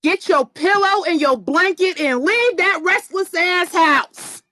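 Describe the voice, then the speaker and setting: A woman giving a blunt, profane motivational rant on a live stream, preaching and often shouting for emphasis. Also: extremely high pitch, expressive, slow, no room sound.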